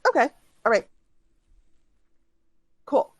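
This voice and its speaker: A woman's voice: slow, low-quality recording. A woman game master narrating a tabletop game, rambling through her scenes with frequent ums and restarts.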